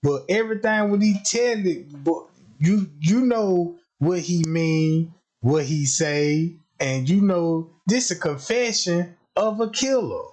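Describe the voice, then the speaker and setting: Reaction host dude, hyped up, slangy and cussing, voice sits kinda high. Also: male voice, takes it slowly, a little mellow. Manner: hyped, slangy, profane, talks to his chat. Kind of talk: casual reaction commentary.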